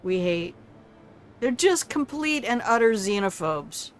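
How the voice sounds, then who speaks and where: A woman's voice: a little high, expressive, takes it slowly. Older woman streamer, salty and teasing. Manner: salty, swearing, teasing banter with chat. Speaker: gaming streamer. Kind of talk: casual gameplay commentary.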